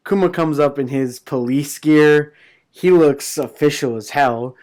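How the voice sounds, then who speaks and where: A young man casually recapping and reviewing a comic chapter, excited and rambling, with fillers, restarts and swearing. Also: fairly high pitch, a little slow.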